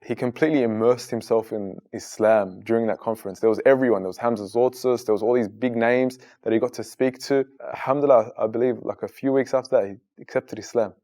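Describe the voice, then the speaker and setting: A man in his thirties from Australia, telling his own story in an interview in an earnest way and becoming lively when he retells conversations. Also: mid-range voice, fast, hardly any pauses. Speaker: guest, Muslim content creator.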